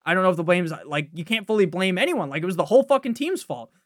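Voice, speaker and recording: A young man hosting a fantasy football podcast, ranting casually with profanity and sudden loud outbursts of frustration. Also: high voice, very animated, fast talker, dry recording, studio quality.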